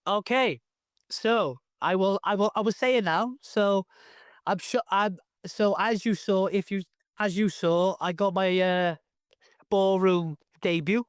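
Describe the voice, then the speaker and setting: Young Cardiff Welsh man, guest; high, smooth, rambling chat, dry sound. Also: unhurried, no room sound. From Wales. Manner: rambling, lots of fillers and restarts. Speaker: professional wrestler, guest. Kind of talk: casual interview chat.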